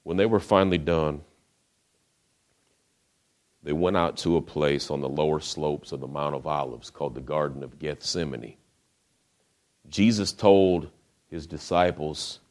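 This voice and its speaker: A man's voice: very deep voice, normal speed, pauses often, darkish tone. A man preaching a sermon, retelling a scripture story in a casual storytelling way with rhetorical questions.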